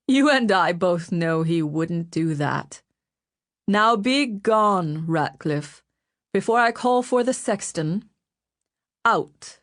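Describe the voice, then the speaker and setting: A woman voicing a proud, scornful queen mother who speaks with patient calm. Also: medium pitch, a little slow, no echo, clean studio sound, natural voice. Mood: cool scorn.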